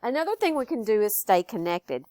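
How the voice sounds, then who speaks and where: Warm-spoken older teacher. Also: female voice, on the high side, sing-song, fairly quick, dry recording. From Texas. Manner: gentle, encouraging, teacherly with repeated phrases. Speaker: educator. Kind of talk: friendly recorded lesson for students.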